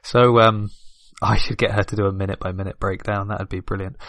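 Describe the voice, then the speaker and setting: A man's voice: lowish voice, little pitch movement, a little fast, fairly bright tone, no echo. A man who is a podcast guest, chatting casually and rambling, laughing often as he talks.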